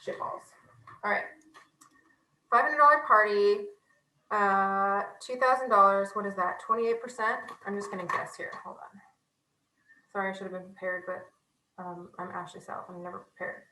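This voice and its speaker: A young woman giving a casual, animated sales training talk, chatty and self-deprecating. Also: mid-range voice, normal speed, pauses often, roomy sound, a little hiss or hum, rough recording.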